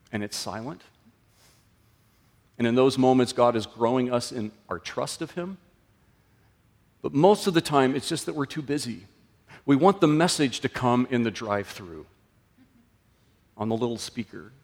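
A male pastor preaches in a relaxed, conversational manner, his voice rising and then dropping to a hush. He speaks at a middling pitch. A long reverb trails his words through a large church room. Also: moderate pace, pauses often. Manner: conversational, with sudden lifts and drops in pitch and loudness. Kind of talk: sermon.

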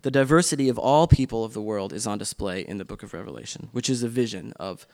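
A man's voice: on the low side, fast talker, vocal fry, a little mellow. A man leading a church class discussion in a loose, unscripted way, with frequent ums and restarts.

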